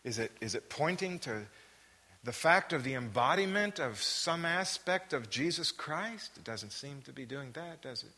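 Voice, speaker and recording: A man's voice: fairly high pitch, lively intonation, normal speed, sharp tone. Man teaching Bible study in reverberant hall. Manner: reads scripture aloud then asks the listeners questions; repeats phrases for emphasis.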